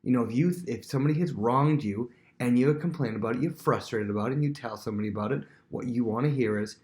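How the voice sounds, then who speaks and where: A man's voice: mid-range voice, quick pace, hardly any pauses, a little mellow. A man teaching a recorded Bible lesson in a conversational way, acting out scenes and often repeating himself.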